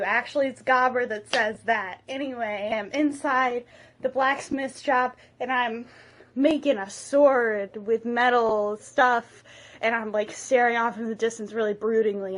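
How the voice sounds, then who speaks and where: Young woman's jokey, slightly high retelling. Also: fairly even intonation, measured pace, a bit bright, a little hiss or hum. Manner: breathless, jokey and self-mocking. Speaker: comedic solo performer. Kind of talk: comic movie retelling, acting all the parts.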